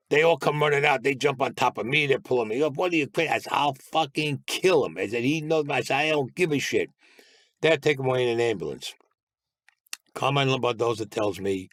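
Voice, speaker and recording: Man, interview guest, blunt, profane, acts out dialogue, average pitch, dry close recording. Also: dry recording. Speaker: guest recounting past crimes. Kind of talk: storytelling interview.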